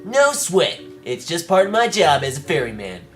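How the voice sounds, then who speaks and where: A man's voice: fairly high pitch, big pitch swings, moderate pace, faint music behind, voice pushed up. A man voicing an easygoing young ferryman in a video game, friendly and a little smug.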